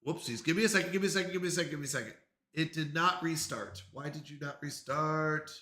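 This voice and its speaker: A man's voice: on the high side, quick pace, pushed and bright, roomy sound. A man live-streaming in casual chat, flustered and apologetic as he talks himself through technical trouble.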